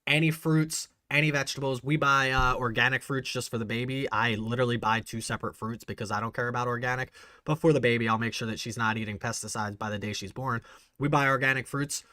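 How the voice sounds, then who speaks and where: A man hosting a casual livestream, chatting excitedly and answering viewers' messages. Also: medium pitch, fast talker, no room sound, clean studio sound. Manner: chatty, reads and answers live chat, excitable. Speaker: bourbon channel host.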